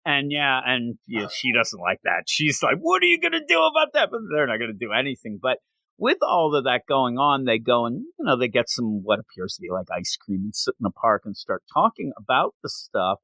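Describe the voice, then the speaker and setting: A man's voice: medium pitch, animated, moderate pace, pushed and bright, no room sound. A man co-hosting a manga review podcast, retelling the story in casual chat and acting out the characters' lines.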